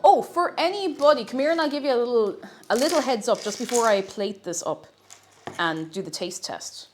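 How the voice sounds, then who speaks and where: A woman's voice: mid-range voice, fast, faint music behind. A woman streamer, chatting casually while cooking on a live stream, playful and often breaking off mid-sentence. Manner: chatty, self-interrupting, playful.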